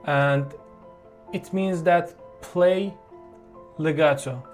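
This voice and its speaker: Slow, halting piano teacher. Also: medium pitch. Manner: slow, halting explanation with fillers and restarts. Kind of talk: online piano tutorial.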